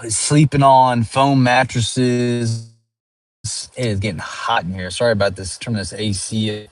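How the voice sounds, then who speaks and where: A man's voice: medium pitch, fairly even intonation, slow pace, no echo. A sleep-deprived comedian chatting casually as he drives, rambling with lots of fillers and restarts. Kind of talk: casual chat while driving. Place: in a car.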